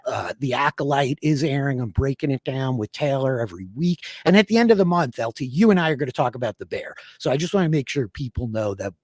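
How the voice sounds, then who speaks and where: A man co-hosting a casual podcast, talking enthusiastically and quickly about a television series. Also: mid-range voice, dry recording, clean studio sound. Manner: enthusiastic, fast plugs and excited asides. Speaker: podcast co-host.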